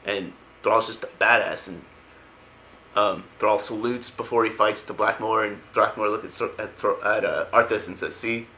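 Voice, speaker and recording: Young man, lowish pitch, forceful tone, rambling, enthusiastic, casual retelling. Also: steady tone, moderate pace, slight background noise, rough recording. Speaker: lore explainer.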